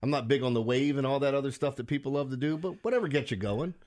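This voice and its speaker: A man's voice: medium pitch, expressive, fast talker, a little mellow. A man with a Baltimore accent hosting a sports radio show, talking casually and animatedly with frequent restarts and laughs.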